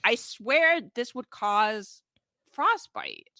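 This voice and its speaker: A woman tears through a movie plot in a casual podcast recap, sarcastic and swearing freely. Her voice is bright and swings widely in pitch. The sound is close and dry. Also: huge pitch swings, very slow, gravelly, dry recording. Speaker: podcast co-host. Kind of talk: casual comedic film recap.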